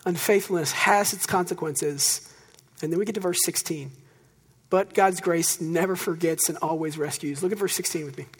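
A man preaching a sermon in a relaxed, conversational storytelling way, with dry self-deprecating humor. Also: a little high, moderate pace, slightly rough, big-room sound. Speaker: pastor.

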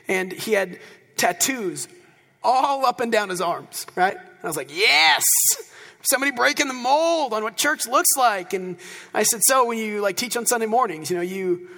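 A pastor preaching a sermon in a church auditorium, animated and conversational, with asides to the congregation. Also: male voice, high voice, normal speed, in a large hall.

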